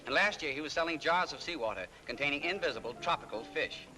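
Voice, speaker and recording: A man playing a prim, polite gentleman in a 1940s film comedy, with a precise, fussy way of talking. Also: fairly high pitch, animated, fast, music in the background, close to an everyday voice, low-quality recording.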